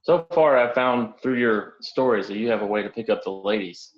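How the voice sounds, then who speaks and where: A man's voice: fairly low pitch, moderate pace, dull audio, noisy background. A man hosting a podcast, chatting in a laid-back, admiring way. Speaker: podcast host. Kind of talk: casual podcast chat.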